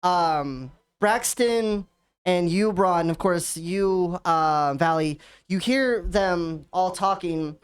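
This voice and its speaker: A woman narrating as dungeon master, halting with many fillers. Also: fairly low pitch, clear, resonant tone. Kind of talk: narrating a tabletop game.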